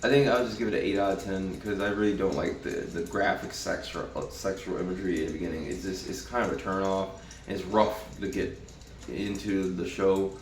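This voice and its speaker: Low-voiced man in a roomy space. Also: steady tone, brisk, a little hiss or hum. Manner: profane, rambling, frequent restarts. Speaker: TV episode reviewer. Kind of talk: casual spoken review. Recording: roomy, from a distance.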